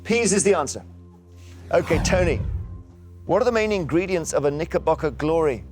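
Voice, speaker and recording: Upbeat quiz show host. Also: male voice, a little high, expressive, brisk, darkish tone, faint music behind. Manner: upbeat, teasing, reads questions crisply. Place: TV studio.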